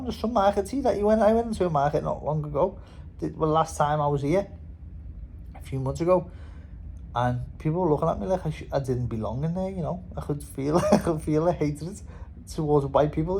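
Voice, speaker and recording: A man's voice: a little high, darkish tone, a little hiss or hum, poor audio. A young man with a Scouse accent, a boxer rambling casually in a vlog, swearing and laughing as he talks. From Liverpool, England. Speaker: boxer and vlogger.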